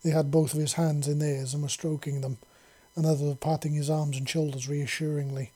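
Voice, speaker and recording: Husky male story narrator. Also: fairly high pitch, level tone, a little fast, warm tone. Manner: casual, chatty story narration. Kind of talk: story reading.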